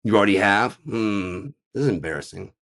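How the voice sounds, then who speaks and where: Guy doing a bossy masked agent, fussy, way higher than his own voice. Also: a little fast, fairly bright tone. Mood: flustered. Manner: mocking, fussy, self-important. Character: officious masked male immigration agent.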